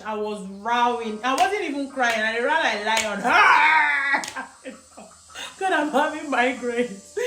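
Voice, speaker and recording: A Nigerian woman telling a personal story in casual, animated talk, laughing often and mixing in pidgin. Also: fairly high pitch, noisy background. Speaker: vlogger. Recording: echoey room with music behind.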